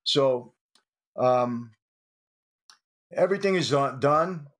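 An older man recounts a tense story in an interview, his voice sitting at a middle pitch. He talks in an animated way and slips into the voices of the people he quotes. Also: takes it slowly. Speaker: interview guest, former mobster.

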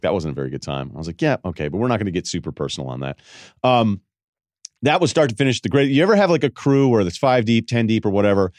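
A man's voice: fairly low pitch, no room sound, studio quality. A man hosting a podcast, telling rambling, self-deprecating stories in a casual way. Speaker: podcast host. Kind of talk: casual storytelling monologue.

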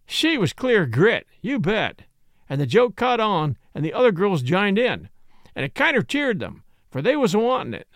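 A man plays a frontier yarn-spinner who drawls his tale in rough backwoods talk, his voice running high and swooping up and down. The sound is close and dry, with no room around it. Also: sing-song, normal speed, a bit bright, no echo, exaggerated voice.

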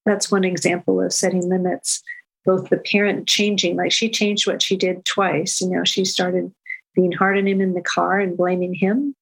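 An older woman, a parenting educator, answering an interview question in a calm, measured storytelling manner. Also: lowish voice, gravelly, breathy edge, rough recording.

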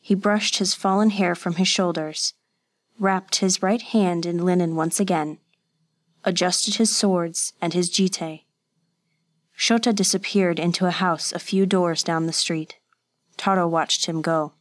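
Slow, measured woman narrating a story. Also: on the low side, fairly even intonation. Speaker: audiobook narrator. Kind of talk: scripted narration.

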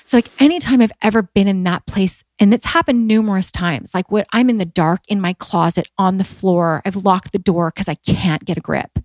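A woman in her forties speaks as a podcast guest at a medium pitch, sharing personal stories in a candid, heartfelt way. Her speech is full of "like"s, and her voice lifts when she is moved. The sound is dry and close, with no room echo. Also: moderate pace, hardly any pauses, a little mellow. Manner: heartfelt, filler-heavy with many "like"s, voice rising when emotional. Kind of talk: candid conversational storytelling.

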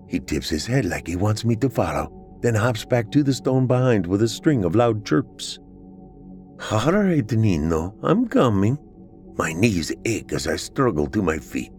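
A man narrating a dramatic story in the first person, with expressive, emotional delivery. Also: lowish voice.

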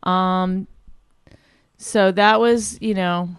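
A woman's voice: medium pitch, steady tone, drawn-out words, clear, resonant tone, dry recording, clean studio sound. A woman in a casual argument with her husband, teasing him and mimicking him. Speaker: wife.

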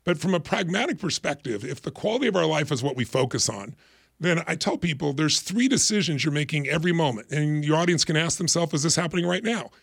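A middle-aged man speaks emphatically and acts out short quoted voices. His voice is gravelly and sits a bit high for a man, and he talks at a rapid clip. The sound is dry and close to the mic. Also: animated, fairly bright tone, no room sound. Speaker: guest, life strategist. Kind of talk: motivational explanation in interview.

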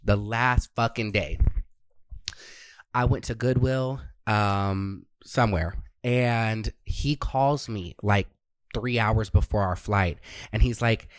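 A man's voice: lowish voice, slow, no echo. A man co-hosting a podcast, telling a long personal story in casual chat. He swears freely and acts out what other people said. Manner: profane, animated storyteller who acts out quotes. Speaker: podcast co-host.

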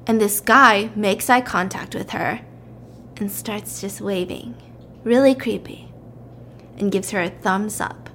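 A woman casually retelling a story, animated and acting out the characters' lines in raised voices. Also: mid-range voice, normal speed, slight background noise.

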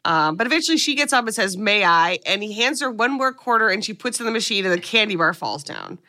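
A woman's voice: on the high side, sing-song, fast talker, bright, forceful tone. A woman co-hosting a podcast, recapping a movie in casual chat and swearing freely as she tells the story.

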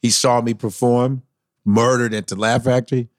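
Profane, animated male comedian telling stories. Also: mid-range voice, moderate pace. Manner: profane, animated storytelling with frequent laughter. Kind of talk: casual podcast banter.

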